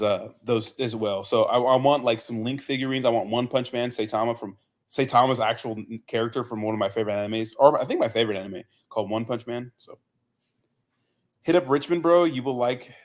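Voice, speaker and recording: A man's voice: medium pitch, fairly quick. A young man casually chatting on a livestream, rambling and swearing with lots of fillers and "bro". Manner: loose, profane, rambling with many fillers and "bro". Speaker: livestream host. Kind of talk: casual livestream chat reading viewer comments.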